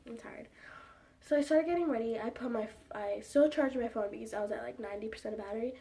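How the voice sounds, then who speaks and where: A young woman with a somewhat high voice tells a casual storytime to her followers, rambling with plenty of "like" and fillers. She sits a little back from the mic, so her voice sounds slightly distant. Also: quick pace, dark tone. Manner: rambling, heavy use of "like" and fillers. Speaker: vlogger.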